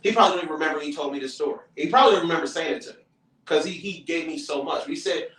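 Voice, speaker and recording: Animated storytelling man, distant roomy mic. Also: fairly high pitch, rapid-fire. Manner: animated storyteller who acts out quoted voices, profane. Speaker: comedian and show host. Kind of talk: casual podcast conversation.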